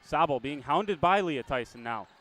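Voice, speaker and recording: A man calling a high school basketball game play-by-play, chatty and quick to correct himself with a small laugh. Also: lively intonation, fairly bright tone. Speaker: play-by-play announcer.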